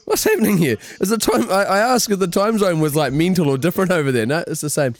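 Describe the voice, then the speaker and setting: A man's voice: high voice, animated, fast talker, no echo. A man co-hosting a podcast, giggly and teasing in casual banter. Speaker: podcast co-host.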